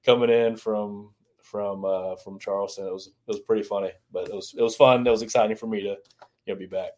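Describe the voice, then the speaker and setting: Guest type: low monotone Southern man, chatty coach, rambles. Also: fairly quick. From American South. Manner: rambling, many restarts and "you know"s. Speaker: former college baseball strength coach, guest. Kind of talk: casual podcast interview.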